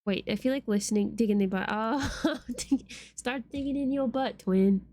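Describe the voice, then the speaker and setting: A woman's voice: on the high side, normal speed, mellow, no echo. A woman streamer chatting playfully with her viewers while she draws, swearing casually.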